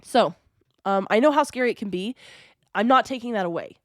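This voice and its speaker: A woman's voice: a little high, expressive, a little fast, dry recording, clean studio sound. A woman in her thirties from Colorado hosting a casual podcast, stuffy from a cold, rambling with lots of fillers. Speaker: podcast host. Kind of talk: casual conspiracy podcast chat.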